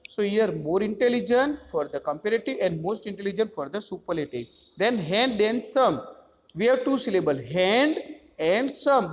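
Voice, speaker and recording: Male teacher in an echoing room. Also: high voice. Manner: repetitive step-by-step explaining, spelling out letters. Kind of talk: grammar lesson explanation.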